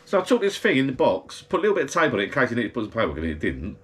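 A man's voice: medium pitch, huge pitch swings, racing, a bit bright. Bloke moaning away, casual rambling chat in his backyard bar. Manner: chatty, grumbling rant. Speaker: vlogger. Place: backyard garden bar shed.

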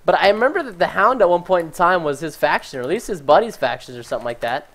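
Hyped guy streaming a block game live, rambling to chat, jumpy and loud when spooked. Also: fairly high pitch, quick pace. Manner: excitable, chatty, easily startled; talks to chat and viewers. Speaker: gaming livestreamer. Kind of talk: live gameplay commentary.

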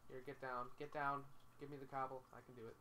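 Casual male gamer, relaxed co-op banter, mid-range voice, bursts into yelps. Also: mid-range voice, quick pace, slight background noise. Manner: laid-back, with sudden loud alarmed outbursts. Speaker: let's play gamer. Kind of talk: casual gaming chat.

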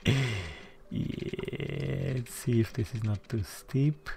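A let's-play commentator thinking aloud while building in a game, muttering to themself and sometimes dropping to a soft near-whisper. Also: medium pitch, fairly even intonation, takes it slowly, gravelly, noisy background. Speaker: gameplay commentator.

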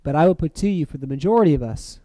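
A man preaching a reflective sermon, letting phrases fall soft and then lifting sharply for emphasis. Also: on the high side, expressive, rapid-fire, no echo. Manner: reflective, with soft dropping phrase ends and sudden lifts.

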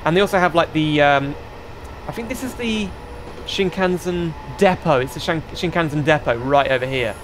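A man giving let's-play commentary as he drives a train in a game, chatty and thinking aloud, with bursts of excited exclamations. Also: a little high, moderate pace, background noise. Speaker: gaming channel host.

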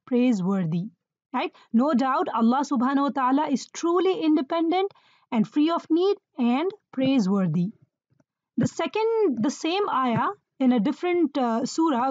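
A woman teaching Quranic Arabic grammar in a measured, explanatory way, often checking in with the listener. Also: sits high, a little mellow, no echo, highs cut off.

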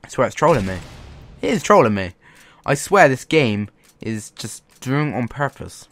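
A man doing gaming commentary, his voice leaping up and down in pitch as he gets worked up. He swears freely and begs the game for better luck. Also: big pitch swings, moderate pace. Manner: frustrated, swearing, pleading with the game. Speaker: gaming YouTuber. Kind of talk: let's play commentary.

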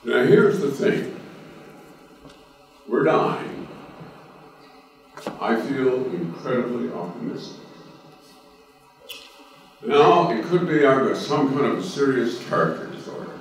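A man's voice: medium pitch, unhurried, long pauses, slight background noise. A man from Cape Breton with a local accent, speaking on a conference panel in a folksy storytelling manner, with many fillers and restarts. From Cape Breton, Nova Scotia. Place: conference hall. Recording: roomy hall recording from a distance.

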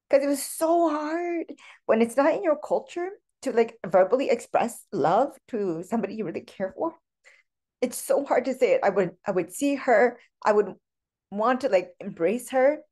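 A woman's voice: a little high, mellow. A woman in her forties sharing a heartfelt personal story in a casual book club discussion. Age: 40s.

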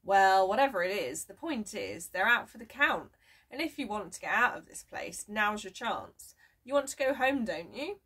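An excitable, hearty elderly man, as a woman reads him aloud, pressing on with urgent, eager speech. The tone is a touch breathy and husky. He sounds set back from the mic, with some distance in the sound. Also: sits high, normal speed, full character voice.

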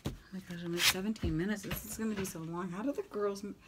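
A woman's voice: medium pitch, steady tone, fast. A middle-aged woman chatting casually as she works on a craft project at home, rambling and joking at herself and now and then dropping to a whisper. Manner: chatty, rambling, self-mocking, often whispering asides. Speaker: craft vlogger. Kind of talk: casual chat while painting. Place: home craft room with the window open. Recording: loud background crafting noise. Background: sanding, rubbing and clicking sounds.

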